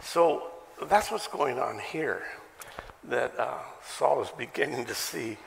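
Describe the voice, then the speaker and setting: A man's voice: mid-range voice, animated, slow pace, creaky, long reverb tail, a little hiss or hum. A male pastor preaching a sermon in a conversational way, asking many questions and adding self-deprecating asides. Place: church sanctuary.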